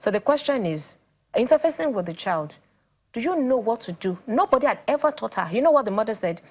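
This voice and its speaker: Animated Nigerian woman coach. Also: fairly high pitch, fast talker, muffled recording. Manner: animated, acts out parents and children in quoted voices. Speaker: teen coach guest. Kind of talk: studio talk show conversation.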